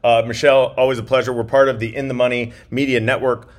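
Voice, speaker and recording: A man's voice: medium pitch, little pitch movement, fast talker. A man co-hosting a casual podcast, chatty, with a slight cough and many restarts. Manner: chatty, restarts and trailing phrases. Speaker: podcast co-host. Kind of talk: casual chat.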